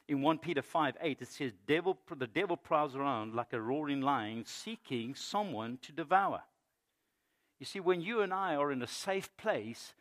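A middle-aged male pastor giving a sermon, moving between loud emphatic preaching and quiet storytelling. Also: medium pitch. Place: church.

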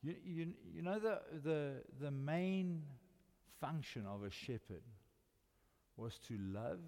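An older South African man preaches in a fairly high voice. He swings from loud, emphatic declarations down to quiet, intimate asides. The sound carries a long reverb from a large church hall. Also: expressive, slow. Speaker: pastor. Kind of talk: sermon.

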